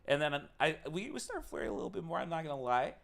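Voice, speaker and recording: Animated male streamer telling a story. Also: on the high side, quick pace, vocal fry. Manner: animated, swears casually, mimics people in quotes. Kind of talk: casual storytelling to chat.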